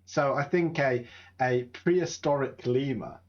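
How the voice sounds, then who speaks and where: A man's voice: mid-range voice, unhurried, darkish tone, slight background noise. A man co-hosting a casual podcast brainstorm, rambling and hesitant, restarting his sentences. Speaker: co-host. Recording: dull lo-fi mic.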